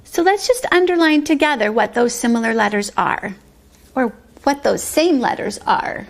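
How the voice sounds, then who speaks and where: Preschool teacher lady, high voice with some gravel in it, talks slow and sing-songy to little kids. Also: expressive. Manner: slow, sing-song, drawn-out words for small children. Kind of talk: pre-K circle time lesson.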